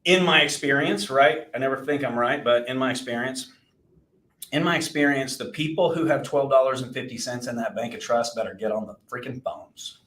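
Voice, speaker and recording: A man's voice: mid-range voice, brisk, fairly bright tone, a little hiss or hum. A man in his forties, co-hosting a podcast and telling a rambling, self-deprecating story with many restarts. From Texas. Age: 40s. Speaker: podcast co-host, insurance agency owner. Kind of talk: casual chat and storytelling. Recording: roomy echo.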